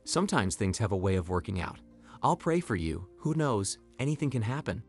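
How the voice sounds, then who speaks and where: A kindly, caring older woman, read out by a man in a storytime video, her lines kept in the narrator's even, lively-pitched voice. Faint music plays behind her. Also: brisk.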